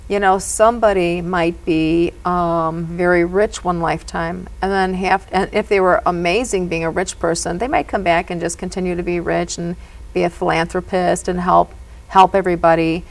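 A woman speaking as a psychic medium guest, telling stories in an animated, earnest way. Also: on the low side, normal speed, creaky, poor audio. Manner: animated and earnest, often says "you know". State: emotional at moments. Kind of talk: storytelling in a conversation.

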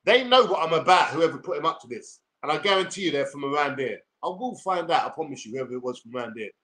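A man's voice: fairly high pitch, expressive, fast talker, fairly bright tone. A man in his forties with a London accent, ranting combatively and swearing on a livestream. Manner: combative, profane, streetwise slang. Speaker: YouTuber. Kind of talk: livestream rant.

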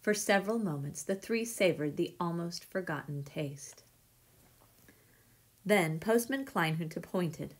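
A woman reading a children's picture book aloud with gentle, measured storytelling. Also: lowish voice.

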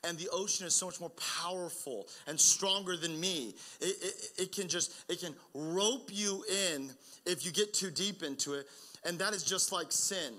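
A young man preaching a sermon, telling personal stories in a conversational way that builds to loud, urgent emphasis. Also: high voice, moderate pace. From Oregon, United States. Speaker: pastor.

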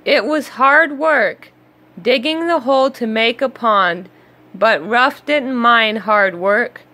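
Lady doing a kids read-along, slow and clear, bright higher voice. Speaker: storybook reader. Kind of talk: children's read-aloud narration.

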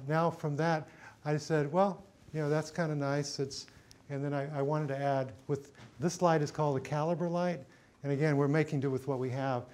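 A middle-aged man runs a cinematography workshop, positioning studio lights while he thinks out loud, full of fillers and false starts. His voice sits a little high with a darkish tone, and the recording carries a faint hiss or hum. It's a hands-on lighting demo.

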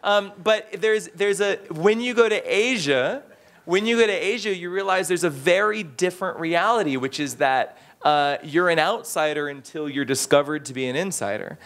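A man giving casual, animated interview answers, full of fillers and restarts, who slips into playful voices when quoting people. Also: high voice, normal speed. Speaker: interviewee, expat in the bar trade.

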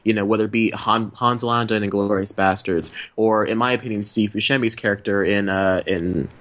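A man's voice: fairly low pitch, fairly even intonation, fairly quick, fairly bright tone. A man hosting a podcast in casual chat, rambling and laughing often mid-sentence. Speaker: podcast host.

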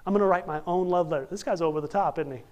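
A young man delivers a sermon as a lively, joking story, slipping into the voices of its characters. His voice sits on the higher side for a man. He swings from loud, excited bursts to quiet, earnest asides. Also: rapid-fire. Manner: animated, jokey, acts out characters. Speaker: preacher.

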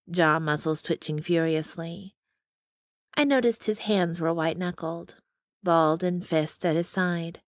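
Low-voiced woman narrating an audiobook. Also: no echo, clean studio sound. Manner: steady storytelling with dialogue voices. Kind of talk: first-person romance audiobook narration.

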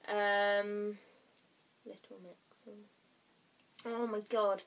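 A woman's voice: mid-range voice, flat delivery, very slow. A young woman vlogging at home, rambling casually, often apologizing and dropping into whispers. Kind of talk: casual chatty vlog.

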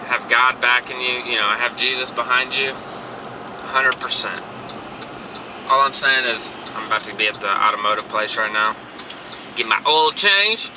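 A man's voice: medium pitch, recorded from a distance. Rambling man vlogging from his car. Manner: rambling, earnest, restarts often. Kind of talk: casual motivational rant. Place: in a car and outdoors. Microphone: handheld camera. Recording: noisy car and street background.

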